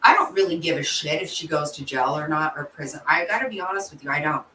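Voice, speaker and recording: A woman's voice: sits low, fast talker, pushed and bright. A woman host chatting casually with her viewers, blunt and emotional, swearing freely as she answers their comments. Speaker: channel host. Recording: roomy echo, distant from the mic, faint background noise.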